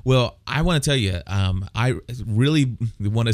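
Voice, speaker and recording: A man's voice: medium pitch, lively intonation, measured pace. Earnest rambling man talking faith. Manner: rambling, self-correcting, earnest. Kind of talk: casual faith discussion.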